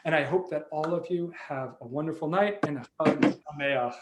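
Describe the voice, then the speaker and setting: A man telling a story on a video call, lively and full of sound effects and character voices. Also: on the high side, moderate pace, echoey room, very noisy. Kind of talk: animated storytelling for families.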